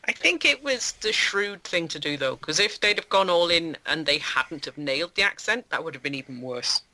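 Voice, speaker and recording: A man in a casual film discussion, making wry, quick quips. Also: on the high side, animated, sharp tone, a little hiss or hum.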